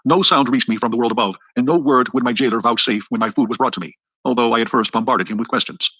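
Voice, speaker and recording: A man reading an adventure novel aloud as an audiobook narrator, with brisk, even storytelling. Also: medium pitch, husky, no echo, low-quality recording. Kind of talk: scripted narration.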